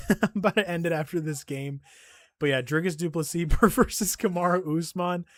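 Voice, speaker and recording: A man's voice: on the high side, moderate pace, no echo. A young man live-streaming a game and chatting casually, swearing constantly, joking and laughing often, and sounding tired. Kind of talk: casual stream chat while gaming.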